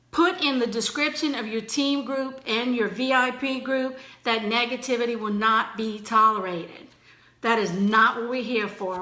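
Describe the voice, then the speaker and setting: A woman giving a chatty, energetic motivational training talk to her team, full of fillers. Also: fairly high pitch, reverberant.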